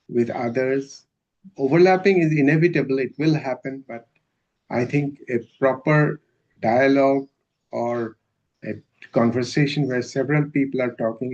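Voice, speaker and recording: A man giving a university lecture in a measured, hesitant way, with many filler sounds. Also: mid-range voice, a little mellow. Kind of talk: academic lecture. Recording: dull lo-fi recording.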